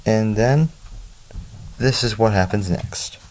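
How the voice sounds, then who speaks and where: A man with a very deep, dark voice recaps a story in a loose, casual way. He chats with offhand asides, talking like he is telling a friend. His tone stays relaxed and conversational. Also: slow, slight background noise. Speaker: book reviewer.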